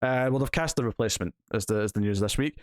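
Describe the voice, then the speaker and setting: A man's voice: lowish voice, fast, dry recording, studio quality. A man hosting a casual TV news podcast, chatting with lots of fillers and frequent laughter. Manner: laughs often, filler-heavy rambling. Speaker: podcast host. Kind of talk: casual chat.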